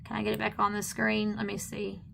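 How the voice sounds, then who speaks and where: A woman, co-hosting a channel, talking indignantly and haltingly in casual commentary on videos. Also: medium pitch, monotone, gravelly, background noise. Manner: indignant, halting with many fillers. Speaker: channel co-host. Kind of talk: casual commentary on screen content.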